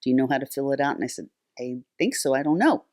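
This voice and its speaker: Talking fast and animatedly, an older woman speaks in an extremely low, slightly mellow voice. She's a nonprofit founder guesting on a talk show, spinning long, chatty stories packed with fillers and restarts.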